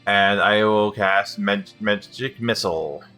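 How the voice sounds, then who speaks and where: A man talks through his turn in a tabletop game, hesitant and stumbling. His voice is bright and forceful. Faint music plays behind him. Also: lowish voice, slow pace. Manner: hesitant, stumbling over words. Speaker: player. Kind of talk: casual tabletop play.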